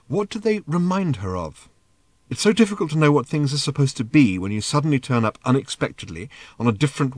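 A mid-range male voice reads scripted audiobook narration with measured expressiveness, and the recording has no echo.

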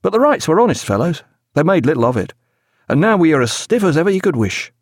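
An eager, loyal young naval officer reports in a brisk, cheerful voice, as a male reader puts him on. His voice sits a little above the narrator's own, with dry, close sound. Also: on the high side, very animated, dry recording, pitched above the performer's own voice.

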